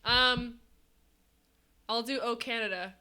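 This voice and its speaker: A high-voiced woman chatting to her live-stream audience, bubbly and excitable, quick to laugh and quick to tear up. Her tone is bright and sharp, spoken close into a headset mic. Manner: bubbly, excitable, laughing, swings between giddy and teary. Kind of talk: casual live-stream chat.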